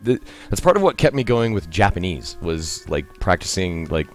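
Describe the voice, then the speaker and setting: Animated man chatting over a game. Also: deep voice, normal speed, soft background music. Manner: chatty, laughs often, exclaims at the game. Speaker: streamer and host. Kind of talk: casual gameplay commentary.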